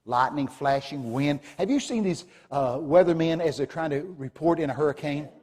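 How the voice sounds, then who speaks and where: A man's voice: on the high side, moderate pace. Dramatic preacher man in an echoing hall. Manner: dramatic, animated storytelling with sudden loud exclamations. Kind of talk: sermon, telling a vision. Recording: long hall reverb.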